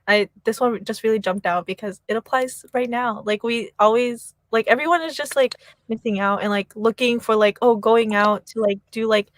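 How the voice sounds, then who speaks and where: A woman's voice: medium pitch, dry recording. Woman co-host, book stream, rambling filler-heavy chatter, dry close mic. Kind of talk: casual book club livestream.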